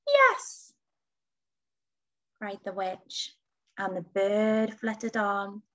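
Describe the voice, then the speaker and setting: A woman teacher reading a picture book aloud to children, with big leaps in pitch on key words. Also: flat delivery, takes it slowly.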